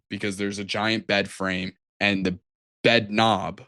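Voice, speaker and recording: A man co-hosting a podcast, retelling a film with animated energy and plenty of swearing. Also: on the low side, measured pace, clear, resonant tone, dry recording, studio quality. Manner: animated storyteller, swears freely. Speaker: podcast co-host. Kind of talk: casual chat.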